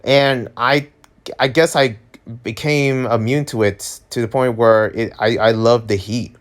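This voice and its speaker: A man's voice: medium pitch, fairly even intonation, unhurried. A young man talking casually in a rambling, filler-heavy vlog monologue. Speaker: vlogger.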